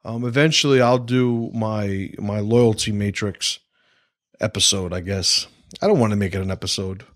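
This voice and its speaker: A man's voice: lowish voice, steady tone, moderate pace, dry recording, clean studio sound. A man hosting a casual livestream podcast, rambling, swearing freely and restarting his sentences. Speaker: podcast host.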